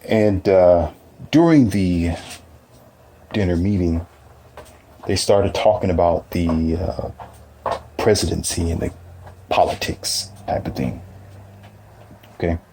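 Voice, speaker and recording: A man's voice: deep voice, takes it slowly, pauses often, mellow, slight background noise. A man giving a casual, preachy motivational monologue, full of rhetorical questions.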